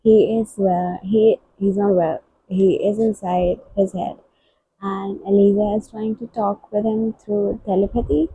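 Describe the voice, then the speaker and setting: A woman book vlogger giving soft, halting and emotional reactions while reading. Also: medium pitch, little pitch movement, dull audio, a little hiss or hum.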